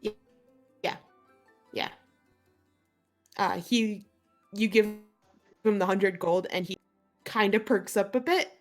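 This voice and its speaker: A woman narrating as game master of a tabletop game in a relaxed, loose way with fillers. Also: mid-range voice, slow, pauses often, soft background music.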